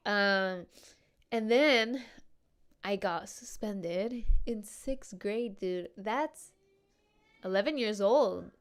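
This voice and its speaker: Slangy laid-back woman podcaster, smooth voice. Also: medium pitch. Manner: loose, slangy, swears freely, says "dude" often, laughs often. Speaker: podcast host. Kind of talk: casual confessional chat.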